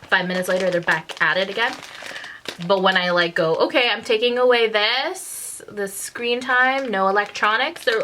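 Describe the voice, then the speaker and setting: A woman's voice: on the high side, moderate pace, noisy background. A woman, telling stories casually on her vlog, laughing often and acting out the voices in them. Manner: chatty, laughs often, acts out quotes. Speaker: vlogger. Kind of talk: casual confessional storytelling.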